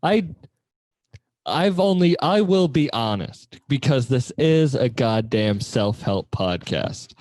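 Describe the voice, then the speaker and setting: A man's voice: medium pitch, expressive, slow, a little mellow, dry recording. A man hosting a casual chat podcast, rambling through stories and laughing often. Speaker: podcast host.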